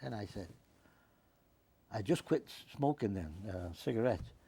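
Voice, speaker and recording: A man, telling his life story in a rambling, halting way in an oral history interview. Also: lowish voice, expressive, creaky, dark tone, breathy edge. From Staten Island, New York. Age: 90s. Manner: rambling, halting, with many restarts. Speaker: interviewee, WWII veteran.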